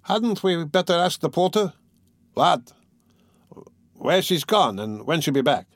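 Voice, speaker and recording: A man doing a young male student who is eager and sharp, pitched noticeably higher and a little louder than the reader's own voice. He sounds excited and insistent, and the recording is very dry and close. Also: unhurried, dry recording, full character voice.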